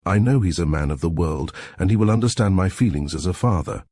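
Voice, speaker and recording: A man voicing a pushy, ingratiating middle-aged crook who talks loud and emphatic. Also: low-pitched, lively intonation, brisk, dry recording, studio quality. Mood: wheedling.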